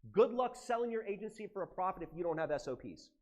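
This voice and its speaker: An animated, emotional American man giving a live seminar talk to a conference audience and swearing casually. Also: high-pitched, fast. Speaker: conference speaker.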